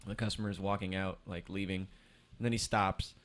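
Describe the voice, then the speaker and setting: A young man co-hosting a casual chat among friends, telling a story in an animated way, acting out the people in it and swearing freely. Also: deep voice, moderate pace. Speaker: podcast co-host.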